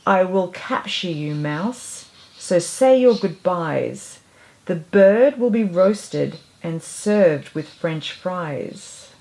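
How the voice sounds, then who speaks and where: A woman's voice: on the low side, lively intonation, very slow, a little mellow, exaggerated voice. A woman voicing a mean, menacing male head chef in a storybook reading. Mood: threatening.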